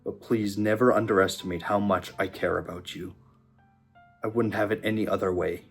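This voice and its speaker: A man playing through a visual novel, quietly reading the hero's lines aloud and breaking off into emotional reactions. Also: on the low side, fairly even intonation, normal speed, breathy edge, soft background music. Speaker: gaming YouTuber. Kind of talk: let's-play reading and reacting.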